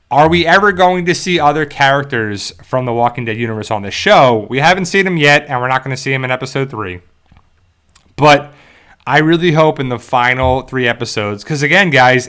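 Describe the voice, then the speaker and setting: A man's voice: medium pitch, pushed and bright. A man from South Jersey in the US hosts a casual fan discussion, rambling with many fillers and restarts and talking straight to his viewers. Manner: addresses viewers directly. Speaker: YouTube show host.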